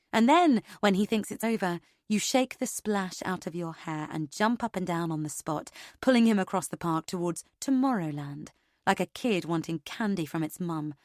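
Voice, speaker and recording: A woman narrates a suspense audiobook with dramatic flair, swinging between loud, high bursts and low, quiet lines. Her voice sits in a middle range and is recorded close and dry, with no room sound around it. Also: no echo. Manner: dramatic, expressive reading with sharp swings in pitch and loudness.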